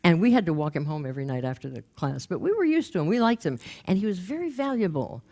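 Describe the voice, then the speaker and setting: Low-voiced older woman storyteller. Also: quick pace. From United States. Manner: lively, humorous, acts out quoted voices. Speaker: career coach and speaker. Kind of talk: storytelling talk.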